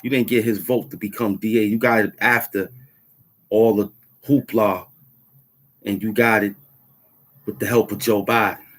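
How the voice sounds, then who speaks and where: Vlog host, middle-aged man, husky voice, heated slangy rant that hammers on repeated lines. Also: lowish voice, fairly even intonation, normal speed, long pauses. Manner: heated, repeats phrases for emphasis, street slang. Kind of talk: casual political rant to camera.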